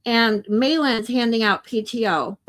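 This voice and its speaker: A woman's voice: fairly high pitch, fairly bright tone. A woman hosting a casual livestream, talking to viewers in an emotional, chatty way with a lot of swearing. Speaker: livestream host.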